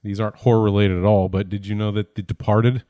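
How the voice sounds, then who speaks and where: A man's voice: on the low side, level tone, fast talker, warm tone, no room sound. A man hosting a podcast in casual chat, jokey and self-deprecating, laughing often. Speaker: podcast host.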